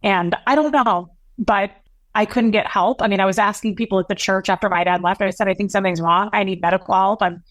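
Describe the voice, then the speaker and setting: A woman's voice: mid-range voice, steady tone, no echo. Dry-voiced woman telling a painful story. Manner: emotional, long-winded, halting recounting. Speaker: guest. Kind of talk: personal storytelling in an interview.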